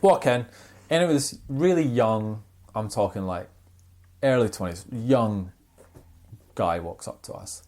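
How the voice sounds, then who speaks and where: Pitched on the low side, this man speaks a little slowly and pauses often. He co-hosts a podcast, chatting casually and animatedly as he acts out the people who appear in his stories.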